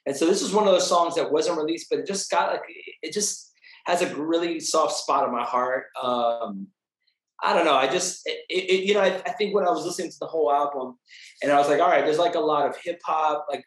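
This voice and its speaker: A man, a music producer and artist, chatting upbeat in an interview, often pausing with "uh" and "um". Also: a little high. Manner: upbeat, chatty, with hesitant "uh" and "um" restarts. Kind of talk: casual interview talk. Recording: echoey room.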